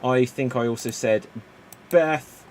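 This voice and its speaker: A man hosting an online improv contest on a video call, brisk and chatty, filling pauses with "um". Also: mid-range voice, a little mellow, slight background noise. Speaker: host.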